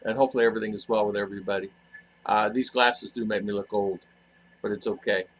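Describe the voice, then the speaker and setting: A man's voice: fairly low pitch, steady tone, quick pace, low-quality recording. An older man hosting a casual livestream, chatty and laughing easily as he greets viewers by name. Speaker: livestream host. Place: home in a cool hill town.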